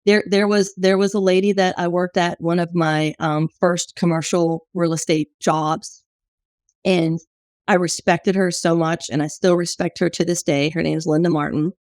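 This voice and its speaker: A woman's voice: fairly low pitch, level tone, normal speed, darkish tone, dry recording, studio quality. A woman from New Orleans, a business owner, telling stories openly and chattily in an interview. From New Orleans, USA. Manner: open and chatty, storytelling with fillers. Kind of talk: candid conversational interview.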